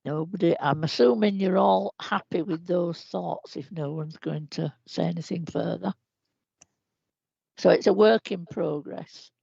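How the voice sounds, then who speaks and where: Female meeting chair, warm and effusive; heavy vocal fry, dead-dry room. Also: on the low side, a little slow, no echo. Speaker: chair of a council board. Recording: slightly muffled livestream audio.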